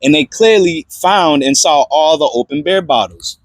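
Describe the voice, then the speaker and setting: A young man casually telling a personal testimony story in an animated, slangy way, full of fillers and restarts. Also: a little high, normal speed, no echo.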